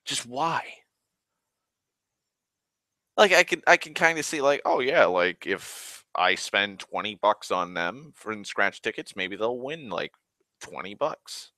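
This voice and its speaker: Man ranting casually, lively swinging pitch, bright voice, dry close sound, swears a lot. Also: slow pace, dry recording. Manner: profane, animated ranting. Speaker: vlogger. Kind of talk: rambling casual monologue.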